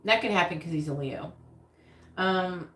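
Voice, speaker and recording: Woman psychic on a live stream, lowish voice, chatty and meandering, roomy echo with faint hiss. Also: a little slow, fairly bright tone. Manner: chatty, rambling, talks directly to viewers. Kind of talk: live-stream tarot reading.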